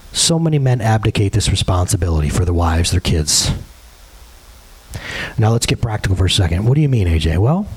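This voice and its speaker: Earnest pastor guy preaching, lively up and down voice, asks the crowd lots of questions. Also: mid-range voice, husky. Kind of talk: sermon.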